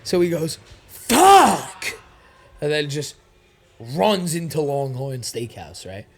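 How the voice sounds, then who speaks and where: Animated, profane young man telling a story. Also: a little high, a little slow. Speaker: podcast guest, fighter. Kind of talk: casual storytelling chat.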